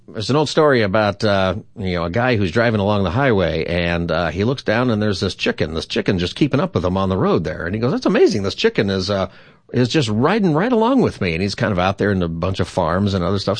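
A man hosting a call-in radio show, telling a corny joke and jumping up high for each character. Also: fairly quick, hardly any pauses, dry recording. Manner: animated, jumps high for quoted characters.

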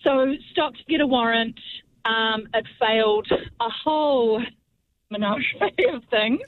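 A woman's voice: on the high side, measured pace, a little hiss or hum. A woman calling in to a radio show, telling a rambling story and laughing at her own bad luck. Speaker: caller. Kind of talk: phone-in story. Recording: tinny phone line.

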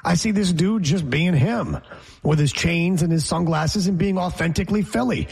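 A man hosting a sports talk show, chatting casually and running through the schedule with animated, opinionated commentary. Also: on the high side, moderate pace, vocal fry, breathy edge. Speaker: sports radio host.

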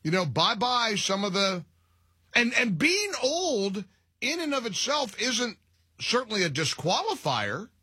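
A middle-aged man hosting a talk radio show, mocking and animated, laughing at his own jokes. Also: sits high, a little slow, breathy edge, no echo, clean studio sound. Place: radio studio.

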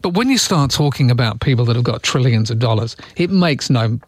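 Jokey Australian radio host, dry studio. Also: male voice, mid-range voice, a little fast, no echo. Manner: chatty, jokey, rambling, voice often leaping up. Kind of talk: casual radio chat. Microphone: studio microphone.

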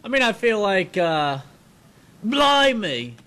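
A man's voice: sits high, expressive, moderate pace. A man co-hosting, answering in a hesitant, playful way during casual chat.

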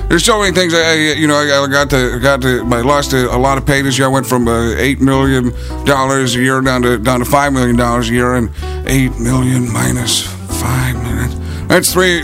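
A man's voice: medium pitch, fairly even intonation, brisk, over music, close to an everyday voice. A comedian doing an impression of a famous football announcer, an older man who stammers, repeats himself and rambles through restarts. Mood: rambling.

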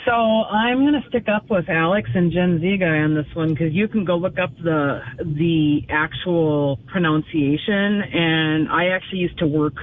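A woman's voice: on the low side, a little slow, hardly any pauses. A woman calling into a radio show, feisty and needling the hosts. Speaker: radio caller. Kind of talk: call-in chat. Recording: muffled phone line, faint noise.

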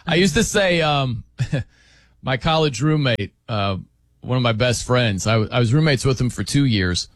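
A man's voice: mid-range voice, animated, moderate pace, no echo. Chatty man hosting a radio show. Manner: chatty, laughs often, mimics others' pronunciations. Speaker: sports radio host. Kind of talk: casual radio talk.

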